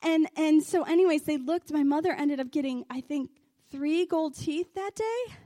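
A woman preaching a sermon in a church, telling a testimony story with excited, animated energy. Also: sits high, normal speed, no room sound. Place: church stage under lights.

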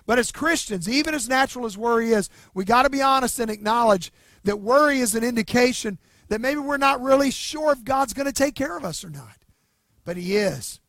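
A male pastor preaching in an earnest, conversational style, dropping in casual asides. His voice sits very high for a man, and the sound is close and dry with little room echo. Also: expressive, a little fast, fairly bright tone. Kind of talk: sermon. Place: near-empty church building.

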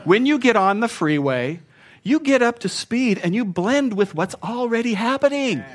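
A man's voice: very high voice, expressive, moderate pace, a bit bright. A man preaching a conversational sermon in church, chatty and self-mocking, teasing his congregation. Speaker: pastor. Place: church sanctuary.

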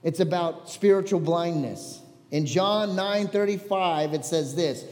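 A male pastor preaching a sermon, animated and storytelling, joking with the congregation. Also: a little high, unhurried, hardly any pauses, in a large hall.

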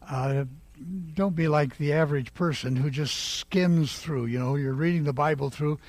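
A man preaching a sermon, leading the congregation in call-and-response and rising to loud exclaiming. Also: a little high, vocal fry, no echo.

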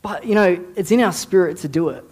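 A man preaching to his church in an easy, conversational way. His voice sits a little high, and he often repeats words and restarts phrases as he builds each point. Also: brisk, a little mellow, breathy edge. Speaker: youth pastor. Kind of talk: casual sermon.

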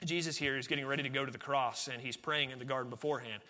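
A man, a pastor, preaching a sermon earnestly, pushing phrases up with emphasis and then dropping to a quieter, intimate tone. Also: mid-range voice, fairly even intonation, very fast, long reverb tail.

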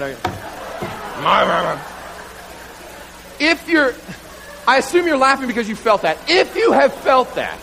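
A man preaching a sermon through a comic, self-mocking story, animated and building to loud bursts. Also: extremely high pitch, a little hiss or hum, low-quality recording.

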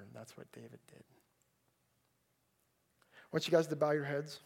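A man preaching in a church service, earnest and pleading, his voice a little high for a man and gravelly at the edges. He repeats words and restarts thoughts as he presses his point. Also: moderate pace, darkish tone. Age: adult, a parent. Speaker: pastor. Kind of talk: sermon.

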